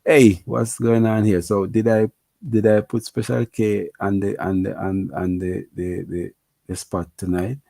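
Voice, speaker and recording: A man's voice: on the low side, little pitch movement, unhurried, creaky, mellow, no room sound. A man with a Jamaican accent hosting a casual livestream, chatting with viewers, laughing and repeating himself. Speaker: livestream host. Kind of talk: casual livestream chat reading comments.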